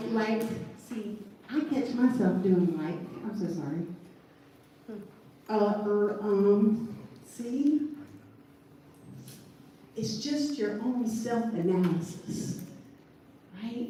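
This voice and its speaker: A woman giving a lively seminar coaching talk to an audience, asking rhetorical questions. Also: on the high side, a little hiss or hum. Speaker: seminar presenter. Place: large event hall. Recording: echoey hall, voice from far off.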